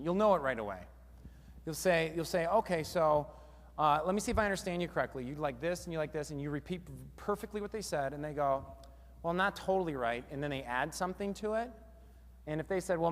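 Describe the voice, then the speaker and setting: Energetic man speaking on a seminar stage. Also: a little high, long reverb tail. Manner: energetic, quizzes the audience. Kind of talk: live stage seminar talk. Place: large hall with a live audience.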